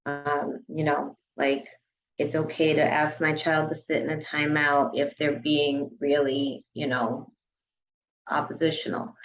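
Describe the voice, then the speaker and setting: Low-voiced chatty woman. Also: little pitch movement, measured pace, poor audio. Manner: chatty, frequent "you know" and "like" fillers. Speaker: dance studio director. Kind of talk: casual podcast conversation.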